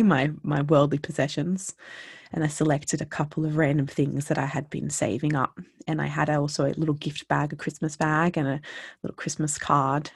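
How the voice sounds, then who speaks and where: Gravelly-voiced casual storyteller. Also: mid-range voice, no echo, studio quality. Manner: chatty, with many fillers and restarts. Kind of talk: personal anecdote told casually.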